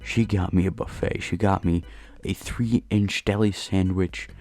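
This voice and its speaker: Low, slow-talking man telling a story. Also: fairly even intonation, darkish tone. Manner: rambling, self-deprecating storytelling. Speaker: gaming channel host. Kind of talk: storytime voice-over. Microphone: voice-over recorded late at night.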